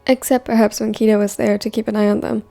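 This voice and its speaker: Gravelly, dark-voiced woman narrator. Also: medium pitch, quick pace, faint music behind. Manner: steady storybook reading. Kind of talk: fan fiction narration.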